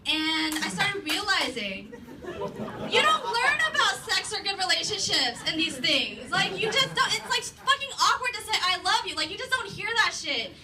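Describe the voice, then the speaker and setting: A woman's voice: very high voice, very animated, normal speed, over a noisy crowd. A young woman performing a stand-up comedy set in a club, telling a rambling, profane story full of "like". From Los Angeles area. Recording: distant mic, noisy club.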